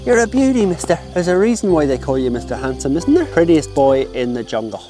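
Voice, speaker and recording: A man narrating a casual vlog outdoors while he feeds street dogs, chatty and friendly, now and then cooing at the animals. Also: brisk. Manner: chatty, talks to the dogs in a high excited baby voice. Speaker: dog rescue volunteer feeding street dogs. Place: outdoors by a jungle road. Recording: music playing underneath.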